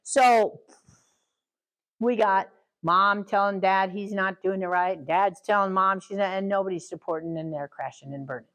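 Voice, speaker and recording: An older woman leads a parenting training session in a relaxed, conversational way. She laughs easily and slips into quick acted-out quotes of children and parents to make her points. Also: medium pitch, rough recording. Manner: chatty, laughs often, acts out quotes. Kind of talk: casual teaching talk.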